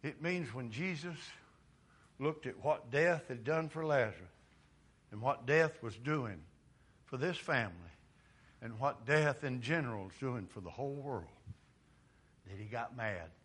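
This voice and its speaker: A man preaching a sermon dramatically, dropping quiet and then rising to loud, impassioned cries. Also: medium pitch, lively intonation, a little slow, long pauses. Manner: dramatic, swings from quiet to shouting.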